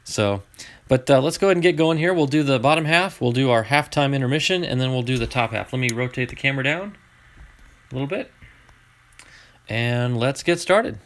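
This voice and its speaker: A man hosting a casual card-opening stream, chatting to his viewers as he flips through each card. His pitch rises and falls a lot, and he gets excited over good pulls. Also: brisk. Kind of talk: live card-opening chat.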